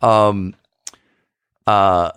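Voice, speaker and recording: A man's voice: lowish voice, steady tone, very slow, fairly bright tone, clear, resonant tone, no echo. A man telling an embarrassing story as a podcast guest, rambling, swearing and correcting himself as he goes. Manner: rambling, self-correcting, profane, laughing at himself. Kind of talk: casual storytelling.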